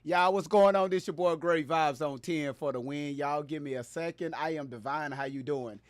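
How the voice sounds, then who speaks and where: A man hosting a casual live stream, loud and playful, hyping up his viewers and greeting them by name. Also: a little high, moderate pace, dry recording.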